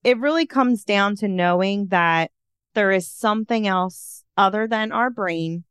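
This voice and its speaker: A woman's voice: medium pitch, unhurried, a bit bright, clear, resonant tone, no room sound, studio quality. A woman guest who works as a coach, speaking earnestly and reflectively in a casual interview. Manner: earnest, reflective talk about spirituality.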